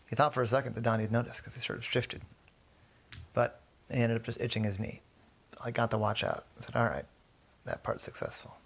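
A man narrating a detective tale in a relaxed, rambling way. His voice has a gravelly rasp and sits in a middle pitch. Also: fast talker, pauses often. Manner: relaxed, rambling, self-correcting. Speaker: storyteller. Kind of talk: casual storytelling.

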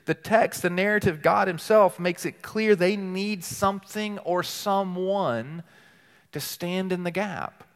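A man delivering a sermon in a church sanctuary, his voice sitting a little above the usual male range. He preaches earnestly, stressing points with repeated phrases and slowing to read scripture aloud. The sound carries a long hall reverb. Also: high voice. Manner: reads scripture aloud slowly and deliberately. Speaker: teaching pastor.

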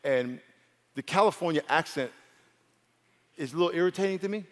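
A pastor from New York preaching a humorous sermon, acting out dialogue between stories. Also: male voice, brisk, a little hiss or hum. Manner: storytelling, acts out dialogue with big pitch swings and laughs. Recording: long hall reverb.

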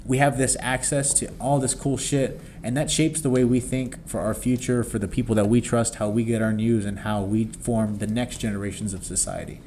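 A man's voice: medium pitch, fairly even intonation, moderate pace, hardly any pauses, a little mellow, a little hiss or hum. Brash, joking young male podcaster. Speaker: podcast co-host. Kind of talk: casual podcast chat.

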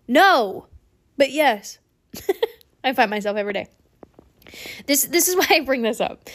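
A young woman hosting her own podcast, talking in a candid, animated way, swearing freely and laughing at herself as she tells a personal story. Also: fairly high pitch. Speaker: podcast host. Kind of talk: casual solo podcast monologue.

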